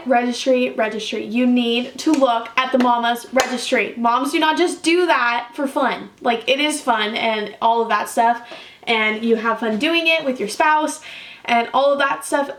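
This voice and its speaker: A woman's voice: a little high, fairly bright tone. A young woman vlogging in a chatty, rambling way with lots of fillers, at home. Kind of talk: casual mommy vlog. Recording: echoey room, mic at a distance, faint background noise.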